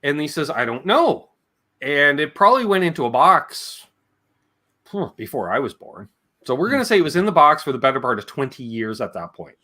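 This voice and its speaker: A man's voice: on the high side, very animated, brisk, sharp tone. A man, a guest on a livestream, telling rambling, jokey stories and imitating his relatives' voices as he goes. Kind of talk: casual storytelling on a livestream.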